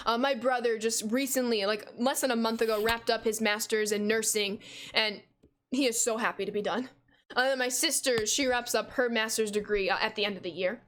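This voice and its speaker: A young American woman in her twenties chats loudly on a gaming livestream, her voice sitting a little high for a woman. She talks freely and laughs easily while she reads her viewers' messages aloud. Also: steady tone, fairly quick. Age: 20s. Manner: loud, chatty, reads chat aloud and laughs. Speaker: gaming streamer. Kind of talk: casual livestream chat while playing.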